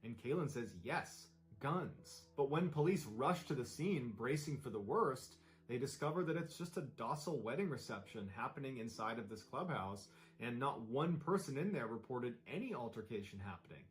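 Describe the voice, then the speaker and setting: A man's voice: mid-range voice, animated, fairly quick. A man narrating a true crime story in a conversational, dramatic retelling style.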